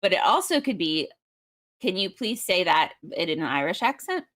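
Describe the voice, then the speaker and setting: A woman's voice: on the low side, big pitch swings, normal speed, a bit bright. A woman co-hosting a livestream in casual comedic chat, laughing often and musing aloud. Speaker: livestream co-host.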